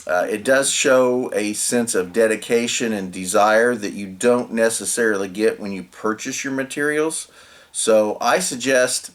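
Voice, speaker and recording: A man's voice: on the low side, a little slow. A man, the host, casually talking through a homemade gear project as he works, rambling with filler words and restarts. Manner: relaxed, rambling, lots of "uh" and restarts. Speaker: channel host. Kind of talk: casual DIY tutorial narration.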